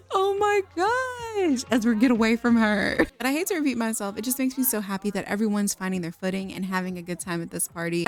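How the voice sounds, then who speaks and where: A woman hosting a video, chatting her way through a life-simulation game with giggly asides and apologies to her viewers. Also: lowish voice. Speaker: gaming video host. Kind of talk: casual let's play narration.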